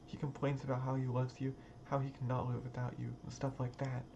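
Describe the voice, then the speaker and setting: A man's voice: mid-range voice, monotone, a little fast, creaky, highs cut off, background noise, natural voice. A man voicing a cold, bitter teenage girl who talks in curt, cutting lines. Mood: mocking. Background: background game music.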